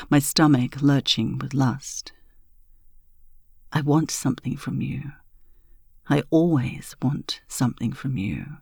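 A dominant woman in whispered role-play, speaking slowly and breathily with a gravelly fry in her voice. Her commanding lines come close and dry, with no room around them. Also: extremely low pitch, darkish tone, no echo. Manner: breathy, half-whispered delivery. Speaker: erotic audio narrator.

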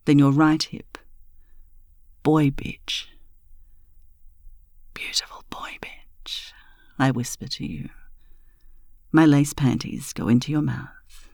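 Woman, commanding whispered role-play narrator, slow and breathy with a gravelly edge. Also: a bass voice, darkish tone, no echo, clean studio sound. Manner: dominant, commanding; breathy, half-whispered delivery. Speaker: erotic audio narrator.

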